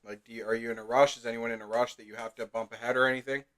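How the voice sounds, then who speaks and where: A man's voice: medium pitch, steady tone, rapid-fire, fairly bright tone. A man hosting a live trading card break, chatting casually with viewers by name and talking while eating. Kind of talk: casual livestream chat.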